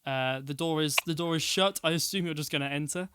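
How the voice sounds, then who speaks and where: A man's voice: fairly high pitch, brisk, noisy background. A man narrating as game master, rambling with many fillers and restarts.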